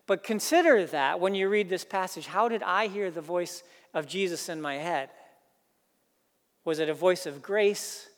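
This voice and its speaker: A pastor preaching a sermon, earnest, building emphasis through repeated phrases. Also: male voice, sits high, long reverb tail.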